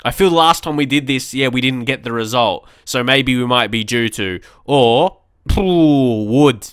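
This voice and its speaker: Young guy, gaming commentator, smooth clear voice, dry close mic, chatty and rambling. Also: medium pitch, normal speed, a bit bright, no room sound. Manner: chatty, rambling, reacts aloud to the match. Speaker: let's play commentator. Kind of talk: casual gameplay commentary.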